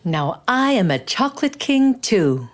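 A woman's voice: on the low side, wildly swooping pitch, normal speed, voice pushed up. A woman voicing an eager young boy in a storybook reading, stammering when he gets flustered. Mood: excited. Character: excited young boy covered in chocolate.

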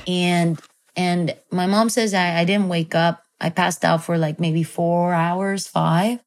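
A woman telling a personal story in a casual chat, animated and full of fillers. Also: fairly low pitch, slow pace.

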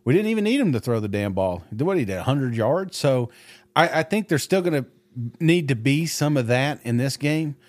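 A man's voice: medium pitch, animated, moderate pace, a little mellow, no echo. A man co-hosting a football podcast in casual chat. He talks animatedly, swears freely and often restarts his words, recorded dry and close. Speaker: podcast co-host. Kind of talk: casual sports talk.

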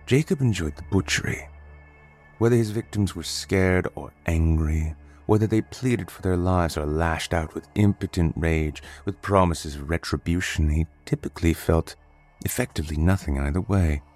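A man narrating a horror story in a steady, deliberate, dramatic way. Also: sits low, slightly rough.

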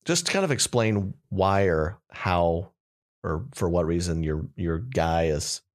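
Low-voiced young man co-hosting a podcast. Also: lively intonation, takes it slowly. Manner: rambling, filler-heavy, joking. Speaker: podcast co-host. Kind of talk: casual comedy podcast chat.

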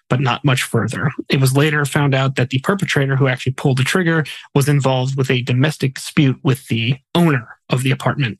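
A man's voice: mid-range voice, breathy edge, dry recording, low-quality recording. A man hosting a music podcast, reading memorial facts in a chatty way with jokey asides. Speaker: podcast host. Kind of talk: casual podcast narration of memorial segments.

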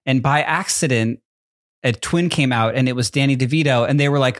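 A man's voice: medium pitch, a little fast. A man co-hosting a podcast in casual chat, wry and explanatory. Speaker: podcast co-host.

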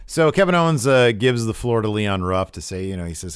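A man co-hosting a casual chat, recapping events and retelling scenes in lively quoted voices. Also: lowish voice, normal speed, few pauses, clear, resonant tone, no echo, clean studio sound. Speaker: podcast co-host recapping wrestling.

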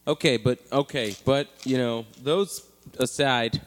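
A man's voice: mid-range voice, a little slow, long reverb tail, slight background noise. A man co-hosting a podcast, talking in a dry, casual way, padded with "you know.". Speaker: podcast co-host. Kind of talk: casual comedic banter.

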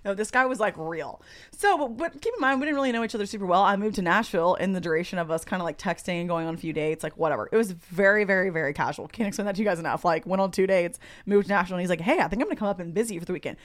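A woman in her twenties telling a dating story as a podcast co-host, animated and profane. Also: lowish voice, rapid-fire. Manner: animated storyteller, swears and laughs often. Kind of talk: casual chat.

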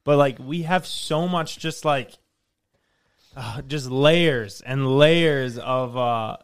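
A man's voice: mid-range voice, takes it slowly, clean tone, no room sound, studio quality. A man co-hosting a podcast, telling a story in a rambling, casual way full of "anyways" and "like". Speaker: podcast co-host.

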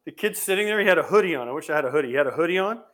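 A man, a former ballplayer co-hosting a podcast, telling a story in an animated, excitable way. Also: on the high side, rapid-fire. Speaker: former pro baseball player, co-host.

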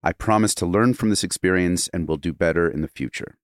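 A man with a very deep voice, recorded dry and close with no room sound. He jokes playfully as a podcast guest and reads a text aloud. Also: fast, dry recording. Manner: playful, joking. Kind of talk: casual podcast chat and dramatic reading.

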